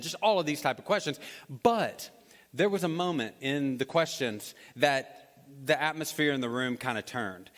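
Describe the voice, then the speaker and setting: A pastor with a notably high voice tells a story from the pulpit. He speaks in a lively, conversational way. A long reverb trails his words through the church hall. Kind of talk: sermon. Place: church auditorium.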